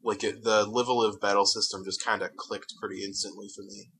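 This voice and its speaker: Man, co-host, bright tense tone, husky, rambling casual talk. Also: fairly low pitch, little pitch movement, fairly quick, rough recording. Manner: rambling, filler-heavy, easygoing. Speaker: podcast co-host. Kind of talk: casual podcast chat about video games.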